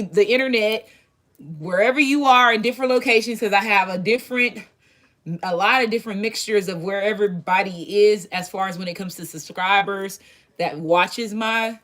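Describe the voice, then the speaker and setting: A woman's voice: on the high side, fairly bright tone. Casual cursing woman tarot vlogger. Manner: loose and profane, restarts and asides. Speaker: tarot reader and channel host. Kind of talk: casual chat.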